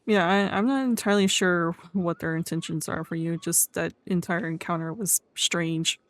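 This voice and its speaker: A woman's voice: fairly low pitch, fairly even intonation, normal speed. A woman roleplaying in a game, chatting in character, laughing often and acting out what others said. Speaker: roleplayer playing an outlaw character.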